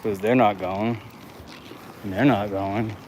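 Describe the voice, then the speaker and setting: Slow and a little mellow, the lowish voice of an American man carries fairly even intonation over a slight hiss or hum. He rambles through a casual livestream while strolling city streets at night, often laughing and swearing.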